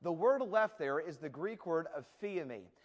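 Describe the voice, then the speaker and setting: Male preacher, a touch high-voiced, sermon full of comic anecdotes. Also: normal speed, lo-fi sound. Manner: humorous storytelling, lively acted asides. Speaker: pastor.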